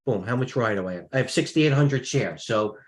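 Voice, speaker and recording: A male trader on a live show talks through his stock positions and keeps restarting his sentences as he thinks aloud. His mid-pitched voice carries a roomy echo. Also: expressive, a little fast. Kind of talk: live trading chat.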